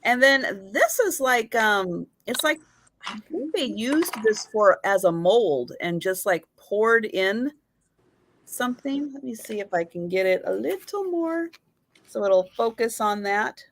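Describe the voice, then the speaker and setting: Slow, unhurried woman hosting a sale. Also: fairly high pitch, sing-song, slight background noise. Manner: unhurried, describes items in detail and greets viewers by name. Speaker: live sale host selling vintage items. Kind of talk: casual live-stream sales chat.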